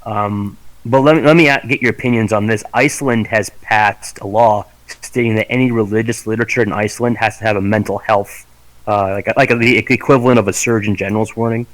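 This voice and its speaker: A man's voice: lowish voice, fairly even intonation, a little fast, a bit bright, rough recording. A man co-hosting a podcast in casual chat, rambling and cursing, often laughing into his words. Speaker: podcast co-host.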